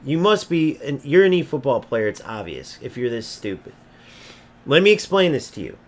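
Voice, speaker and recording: A man's voice: mid-range voice, big pitch swings, moderate pace. A man streaming a football video game, ranting and mocking opponents while he swears freely. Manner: brash, mocking, insults opponents and swears often. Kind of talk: gameplay commentary rant.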